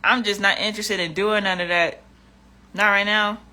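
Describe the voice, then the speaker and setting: Woman vlogger, bright forceful tone, blunt and profane. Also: medium pitch, fairly even intonation, moderate pace. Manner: blunt and profane, exasperated, repeats herself. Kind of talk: casual livestream rant.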